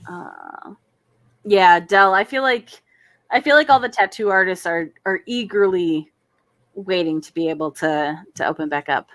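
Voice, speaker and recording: A woman in her thirties hosts a casual drawing stream, chatting as she draws in a self-deprecating way and laughing often. Her fairly low voice is a bit bright, at a measured pace, with no room sound.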